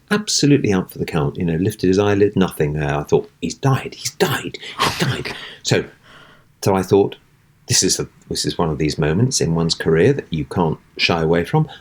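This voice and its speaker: A man's voice: low-pitched, fairly quick. A middle-aged man, an actor, telling a long theatrical anecdote and acting out the voices in it. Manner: animated, acts out voices in his anecdotes. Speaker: interview guest. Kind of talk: anecdotal storytelling.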